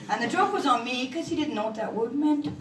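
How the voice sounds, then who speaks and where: A woman in her forties from Canada doing a stand-up comedy set in a club, delivering self-mocking punchlines in a deadpan way. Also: high voice, fast talker, very noisy. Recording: echoey club from far off.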